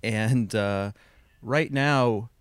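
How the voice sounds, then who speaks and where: A man chats on a podcast, spinning a wry, wandering story with lots of filler and false starts. His voice is smooth and resonant. The sound is close and dry. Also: medium pitch, drawn-out words, no echo. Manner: rambling and wry, heavy on "like" and restarts. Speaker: podcast co-host. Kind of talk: casual podcast chat, anecdote.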